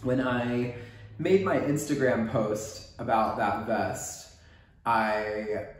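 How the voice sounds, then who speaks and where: A man's voice: medium pitch, steady tone, drawn-out words. Chatty Texan man in an echoey room. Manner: rambling, chatty, joking, lots of "like". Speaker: podcast host. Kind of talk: casual knitting podcast chat.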